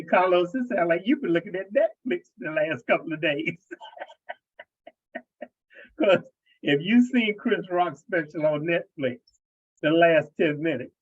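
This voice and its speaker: A man's voice: fairly high pitch, husky. A man on a podcast panel, teasing the others in a casual, amused way over a remote connection. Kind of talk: casual chat. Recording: tinny phone-like line.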